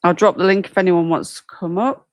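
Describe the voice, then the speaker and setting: A woman's voice: lowish voice, steady tone, brisk, no echo. Chatty woman hosting a livestream. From United Kingdom. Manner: chatty, reacts aloud to viewer comments. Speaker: livestream host. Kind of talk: casual livestream chat.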